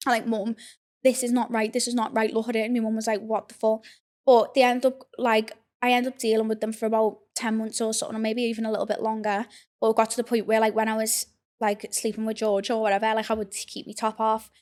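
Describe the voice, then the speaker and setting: A woman's voice: on the high side, monotone, fast talker, a little mellow. Young woman, blunt and candid. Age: young adult. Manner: candid, blunt, frequent swearing and "like" fillers. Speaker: podcast host. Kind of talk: casual confessional storytelling.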